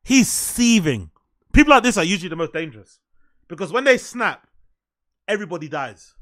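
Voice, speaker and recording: A man talks fast over a clip he is reacting to, mocking and teasing with quick sarcastic riffs. His voice sits high and sounds bright and sharp. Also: animated. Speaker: reaction commentator.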